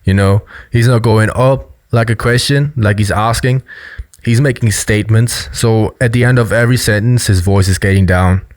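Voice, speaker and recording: A man gives a casual, explanatory commentary on body language, loose and full of fillers. His low voice sounds dry and close to the microphone. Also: darkish tone, no echo.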